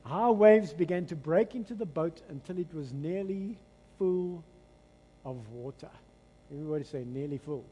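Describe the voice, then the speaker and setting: A man's voice: high-pitched, slightly rough. A man with a South African accent preaching a sermon, leading the congregation in call-and-response and retelling scripture dramatically. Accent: South African English. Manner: animated, dramatic storytelling delivery. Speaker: pastor. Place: church hall. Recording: long hall reverb.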